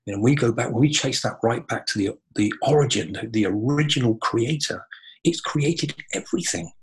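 A man's voice: medium pitch, moderate pace, slightly rough, poor audio. A man talking earnestly and reflectively in a spiritual conversation on a podcast.

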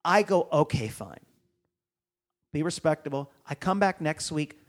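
A man, a comedian guest on a podcast, telling an animated story, acting out phone calls and swearing freely. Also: a little high, measured pace.

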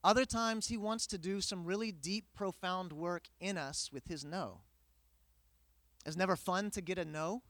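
A man preaching a sermon, telling a personal story with lively humor before his main point. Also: sits high, a little slow, dry recording.

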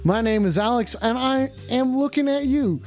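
A man hosting a livestream call-in show, talking to his chat in a rambling, exasperated, profane way, stretching some lines out and rushing others. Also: very high-pitched, a little mellow. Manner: profane, exasperated, scolding viewers; drawn-out emphatic lines mixed with quick asides. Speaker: livestream host taking call-ins.

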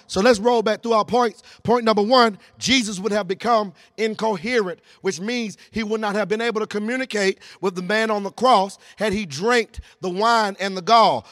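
High-voiced preacher man, shouting and intoning. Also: moderate pace, hardly any pauses, faint music behind. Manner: call-and-response preaching, repeats lines, swings from low to shouting and sing-song. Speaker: pastor. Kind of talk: sermon.

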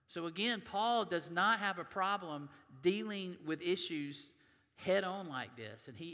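A man's voice: high voice, bright, forceful tone, in a large hall. A man preaching a sermon in a church, reading scripture aloud in a conversational way. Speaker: pastor. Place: church sanctuary.

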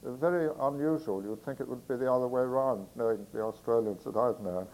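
British poet chatting between poems. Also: male voice, mid-range voice, brisk, a little mellow, rough recording. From Britain. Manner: chatty, digressive, with fillers. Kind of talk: poetry reading with spoken introductions.

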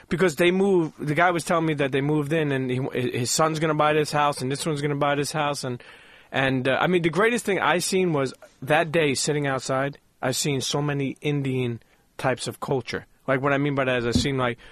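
A man's voice: mid-range voice, steady tone, brisk, fairly bright tone, dry recording. A man hosting a podcast in a loose, rambling way, swearing and acting out the people in his stories. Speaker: podcast host. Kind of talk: casual podcast chat.

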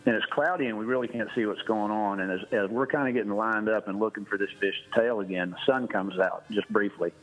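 A man's voice: on the low side, brisk, few pauses, fairly bright tone, faint music behind, low-quality recording. A man casually telling a long fishing anecdote on a podcast, laughing as he rambles. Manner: rambling, laughing storyteller with restarts. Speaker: guest storyteller.

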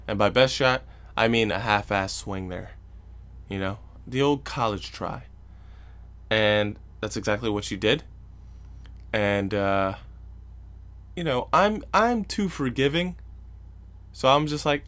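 A man's voice: medium pitch, lively intonation, measured pace, long pauses, fairly bright tone. A young man hosting a solo podcast, telling a story in an exasperated, profane way and mocking the people he quotes. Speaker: podcast host. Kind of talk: casual solo podcast rant.

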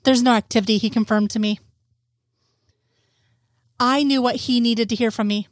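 A woman narrating a fan fiction story in a steady, soft-spoken reading. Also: on the high side, moderate pace, dry recording, studio quality. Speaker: audiobook narrator.

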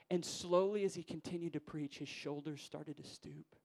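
A male preacher with a somewhat high voice gives a sermon in a church. He swings between hushed, soft-spoken stretches and loud, stirring declarations. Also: fairly even intonation, normal speed, gravelly. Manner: builds from hushed to rousing, voices quoted figures.

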